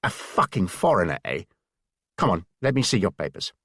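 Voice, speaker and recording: A man voicing a huge, aggressive German man in a dark uniform who swears and bullies. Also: deep voice, sing-song, moderate pace, breathy edge, no room sound, studio quality, full character voice. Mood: hostile.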